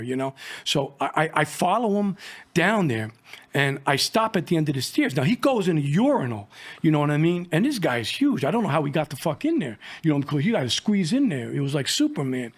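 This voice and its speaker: Middle-aged New man, casual profane storyteller, slightly high voice, acts out the dialogue. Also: sing-song, fairly quick. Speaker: former DEA undercover agent telling stories.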